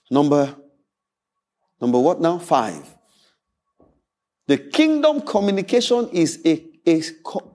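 A man's voice: a little high, creaky. A male pastor preaching a sermon, telling stories with acted-out voices and frequent laughter. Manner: animated storytelling preacher, acts out quoted voices, laughs often.

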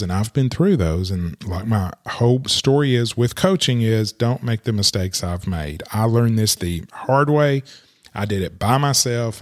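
A middle-aged man, an attorney and coach, talking through cases in a casual podcast monologue and checking in with "okay.". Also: on the low side. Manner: conversational, repeats "okay" to check in; acts out quoted callers and caseworkers. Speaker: elder law coach and attorney.

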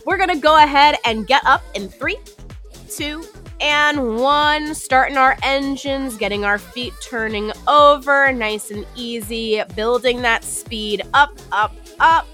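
A woman's voice: sits high, takes it slowly, sharp tone, soft background music. A woman coaching a guided treadmill workout with easygoing, playful cues. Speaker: running coach.

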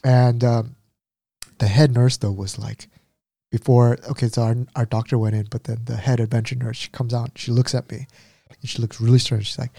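Mellow-voiced man telling a story. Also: mid-range voice, normal speed, gravelly, no room sound, studio quality. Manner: animated retelling with quoted voices. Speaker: podcast co-host. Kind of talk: casual storytelling chat.

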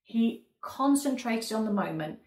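A woman's voice: fairly high pitch, expressive, a little slow, a little mellow. A woman preaching a sermon in an earnest, emphatic way, often repeating key words. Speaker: pastor. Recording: echoey room.

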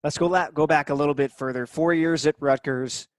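A man hosts a podcast, his voice somewhat high and recorded dry and close. He asks chatty, encouraging questions. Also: fairly even intonation, fairly quick, dry recording. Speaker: podcast host. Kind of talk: interview questions.

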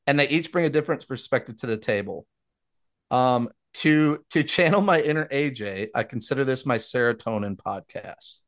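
A young adult man hosting a casual podcast, reading listener reviews aloud and dropping quick asides between lines. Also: mid-range voice, animated, fairly bright tone.

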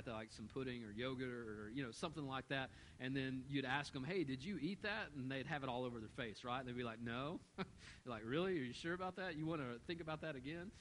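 A man's voice: medium pitch, a bit bright, slight background noise, poor audio. A middle-aged man preaching a sermon as pastor, telling a story and acting out the quoted voices.

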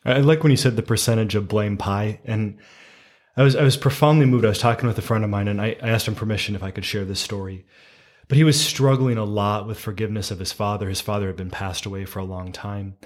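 A man, a priest, earnestly telling a story about forgiveness in a faith conversation, with lively emphasis on key moments. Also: fairly low pitch, fast talker.

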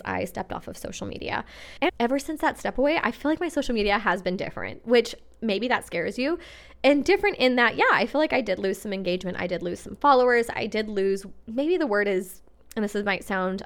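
A woman's voice: medium pitch, a bit bright. Chatty, earnest young woman podcaster. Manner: chatty, earnest, fillers like "like" and "literally". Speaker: podcast host. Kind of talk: casual solo podcast monologue.

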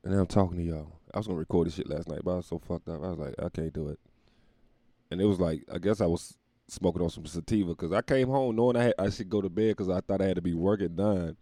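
A man's voice: deep voice, quick pace, dark tone, dry recording. A young man hosting a podcast from home, telling stories in a loose, profane, laughing way. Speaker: podcast host. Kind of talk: casual comedic storytelling monologue.

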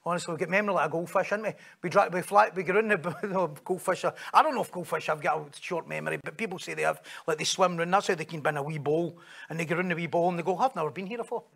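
A Scottish man preaches a sermon in a high, gravelly voice. He tells stories, jokes along the way and acts out the people he quotes. It is a lively sermon to a congregation. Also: quick pace.

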